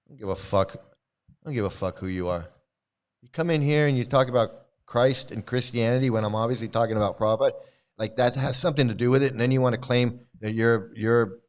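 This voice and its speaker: A middle-aged man hosting his own channel, ranting angrily and swearing at commenters in a confrontational, profane way. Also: mid-range voice. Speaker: YouTube channel host. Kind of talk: profane live-stream rant.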